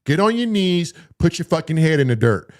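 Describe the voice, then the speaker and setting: On the high side and fairly quick, a man's voice drives a long story through a casual podcast chat where he's co-host. He swears without restraint and performs his own reactions, making it profane, animated storytelling with acted-out quotes.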